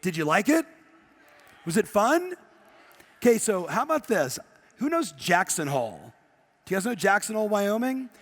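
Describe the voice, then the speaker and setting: A man's voice: high voice, moderate pace, long pauses. A middle-aged man coaching a live audience on stage, telling stories animatedly and acting out quoted voices. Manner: animated storyteller, acts out quotes. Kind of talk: motivational seminar talk. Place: event room with live audience.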